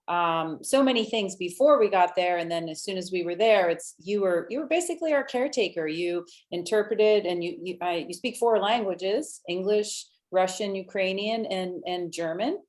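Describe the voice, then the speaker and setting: A woman from the United States interviewing a friend, talking in a friendly, halting way with many fillers. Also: medium pitch. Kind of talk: casual video interview.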